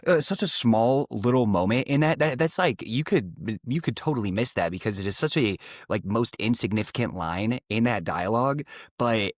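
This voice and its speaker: A man's voice: medium pitch, lively intonation, moderate pace, no room sound, studio quality. A man co-hosting a podcast in casual film review chat, often chuckling as he speaks. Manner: chuckles through his remarks. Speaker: podcast co-host.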